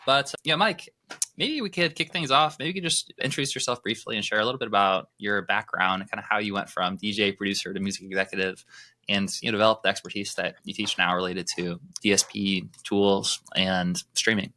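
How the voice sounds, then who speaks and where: A man's voice: fairly low pitch, brisk, sharp tone. An American man hosting a podcast interview, upbeat and jokey, laughing often. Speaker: podcast host. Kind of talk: casual interview chat.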